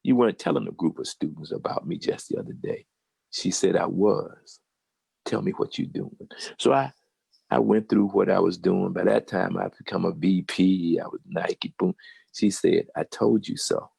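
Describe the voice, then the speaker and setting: An older man with a Southern American accent telling a personal story in a casual, animated way and acting out the voices of the people he quotes. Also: deep voice, normal speed, gravelly, husky, dry recording. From Virginia. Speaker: guest storyteller.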